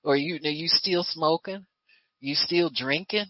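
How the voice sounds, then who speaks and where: A woman preaching a sermon in a lively, conversational way, full of rhetorical questions. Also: lowish voice, a little slow, dry recording, highs cut off.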